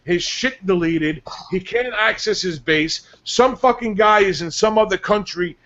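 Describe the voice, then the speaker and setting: Ranting male show regular, high voice, muffled lo-fi audio. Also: a little slow, fairly bright tone. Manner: angry, profane, ranting. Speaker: show regular, clan player. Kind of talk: profane ranting chat.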